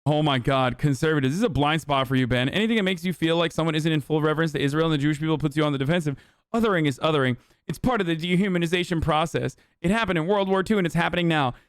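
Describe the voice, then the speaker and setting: Young guy streamer ranting and swearing, kinda high clear voice, dry close mic. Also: racing, no echo. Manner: profane, heated ranting with mocking put-on voices. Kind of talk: live-stream commentary rant.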